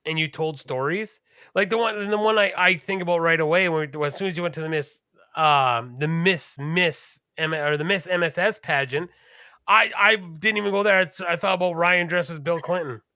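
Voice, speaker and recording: A man co-hosting a podcast, chatting casually in a profane, rambling, animated way. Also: fairly high pitch, normal speed, smooth, dry recording, clean studio sound. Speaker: podcast co-host. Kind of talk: casual chat.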